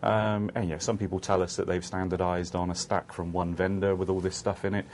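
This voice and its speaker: A man's voice: sits low, flat delivery, brisk, darkish tone, slight background noise. A man speaking as an analyst on a panel, hesitant with frequent restarts. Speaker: analyst guest. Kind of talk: panel discussion.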